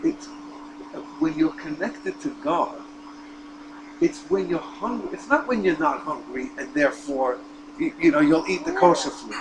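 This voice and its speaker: A man teaching a class as a rabbi, telling a story with lively delivery, repeating words and acting out the quoted lines. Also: fairly high pitch, unhurried, crowd noise, poor audio. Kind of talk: storytelling lesson.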